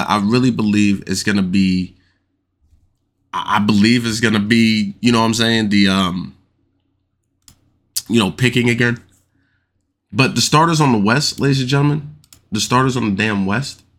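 A man's voice: fairly low pitch, a bit bright. A man hosting a casual solo podcast, talking loosely with lots of slang, repeating himself and getting worked up as he argues his points. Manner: loose and slangy, keeps asking "you know what I'm saying". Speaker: podcast host.

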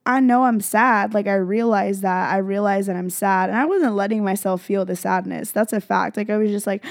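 A woman's voice: medium pitch, fairly even intonation, fairly quick, hardly any pauses, no room sound, clean studio sound. A young woman, a vlogger, telling a personal faith story in casual chat, full of fillers and emotional retelling. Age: young adult.

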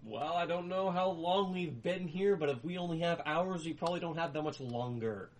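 A man taking part as a player in a tabletop game, calm and matter-of-fact, often speaking in character. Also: on the high side, moderate pace, a little hiss or hum. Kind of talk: casual tabletop play.

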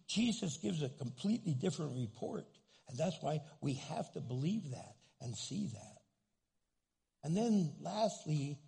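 A male pastor preaching a sermon with a husky voice, animated and playful, acting out grumpy people in comic asides. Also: sits high. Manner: animated, acts out angry churchgoers in comic asides.

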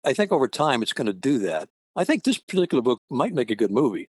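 A man's voice: medium pitch, sing-song, fast talker, husky, dry recording. A man being interviewed as a guest author, talking earnestly and candidly and often repeating himself. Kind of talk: interview answers.

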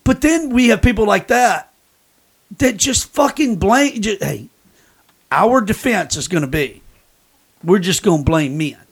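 A man's voice: high voice, animated, a little slow, gravelly, long pauses, breathy edge. A man co-hosting a podcast, ranting bluntly and swearing often in casual chat. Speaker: podcast host.

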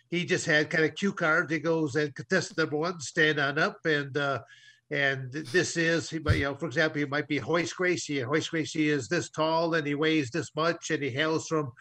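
Bright-voiced man telling a long story. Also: a little high. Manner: rambling, restarts often. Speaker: co-host. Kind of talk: casual storytelling.

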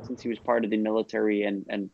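A rabbi teaches a class, sharing stories in an informal religious lesson, often restarting and asking his listeners questions. His voice is lowish, gravelly and a little mellow, with a fast, flat delivery. The recording is slightly muffled, with faint noise.

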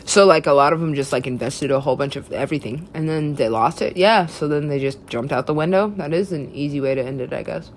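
A woman's voice: sits low, quick pace, hardly any pauses, slight background noise. A woman talking in a rambling, profane, stream-of-consciousness way, in a casual monologue.

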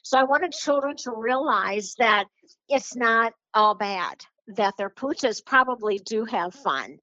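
A woman's voice: on the high side, animated, takes it slowly, pushed and bright, dry recording, lo-fi sound. A woman who writes children's books, talking chattily in an interview, rambling with fillers and little laughs. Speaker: children's book author. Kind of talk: casual interview talk.

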